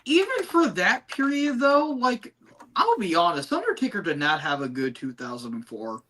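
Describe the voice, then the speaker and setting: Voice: medium pitch, big pitch swings, normal speed, fairly bright tone. Blunt co-host, swears a lot, voice jumps up and down. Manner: blunt, swears, laughs often. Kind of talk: casual chat.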